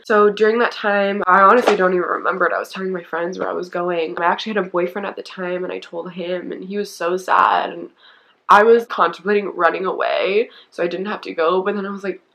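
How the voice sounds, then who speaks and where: A woman's voice: medium pitch, a bit bright, rough recording. A young woman in her twenties, telling a painful personal story on camera in a candid, emotional way, her voice often dropping to a near-whisper. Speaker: YouTuber.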